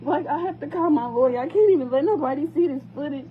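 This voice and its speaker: A woman's voice: sits high, fast. A distraught mother speaking to camera, pleading and repeating herself. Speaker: parent. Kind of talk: emotional phone vlog. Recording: tinny phone-quality recording.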